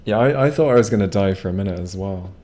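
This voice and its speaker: Guy streaming a game, kinda low voice, swears a lot, rambly chat with viewers. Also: quick pace, mellow. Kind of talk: casual live gameplay commentary.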